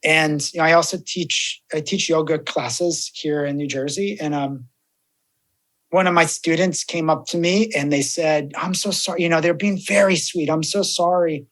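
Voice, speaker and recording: A man's voice: fairly high pitch, moderate pace. A man, a death doula, chatting casually as a guest and acting out the voices of people he quotes. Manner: animated storyteller, acts out quoted voices. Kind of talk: casual podcast chat.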